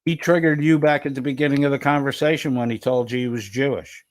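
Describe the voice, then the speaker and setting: Man, blunt commentator, lectures and swears, mid-pitched plain voice. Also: steady tone, fast talker. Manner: scolding, profane, emphatic. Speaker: commentator in an online debate. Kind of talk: heated online debate.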